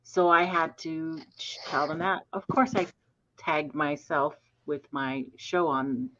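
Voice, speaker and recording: A woman co-hosting a podcast, talking casually and brisk, sounding exasperated. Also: deep voice, steady tone, fairly bright tone, highs cut off. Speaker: podcast co-host.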